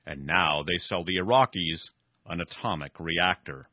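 A man voicing a frail, dying old man who coldly lectures with a raspy voice. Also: deep voice, a little slow, dry recording, highs cut off. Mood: cold, lecturing. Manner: raspy, pronouncing grim verdicts.

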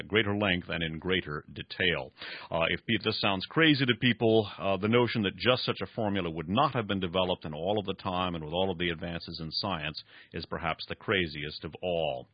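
A man's voice: deep voice, no room sound. A man hosting a radio talk program, reading and commenting at length, with frequent fillers. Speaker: radio host. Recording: dull lo-fi radio recording.

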